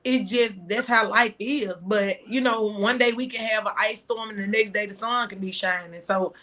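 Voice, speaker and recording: A woman's voice: medium pitch, steady tone, normal speed, sharp tone. An older woman, a grandmother guest, talking reflectively in a casual chat.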